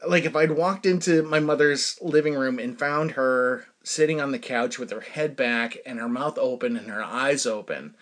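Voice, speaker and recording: A man's voice: mid-range voice, moderate pace, few pauses, fairly bright tone. A middle-aged man hosting a show, telling a personal story in a casual, rambling way full of fillers and bursts of laughter. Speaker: show host.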